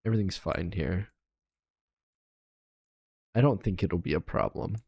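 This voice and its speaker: A man streaming a video game live, talking casually and counting quietly to himself as he builds. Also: low-pitched, a little slow, vocal fry, husky. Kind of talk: casual gameplay commentary.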